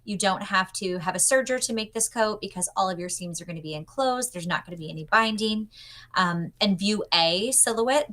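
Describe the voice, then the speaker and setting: A woman's voice: mid-range voice, slight background noise. A young adult woman demonstrating a sewing pattern over a video call, upbeat and chatty as she teaches step by step. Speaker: pattern designer guest.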